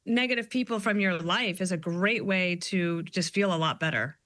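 A woman in her fifties talks as a guest author, telling her stories quickly and with animation. Her voice is bright and lively in tone. The recording is close and dry, with no room around it. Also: lowish voice, no room sound. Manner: quick, animated storytelling with quoted asides. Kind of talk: interview conversation.

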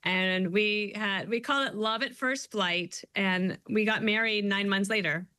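A woman in her fifties, a guest author, telling stories in an animated, quick way during an interview. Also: medium pitch, no room sound, studio quality. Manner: quick, animated storytelling with quoted asides. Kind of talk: interview conversation.

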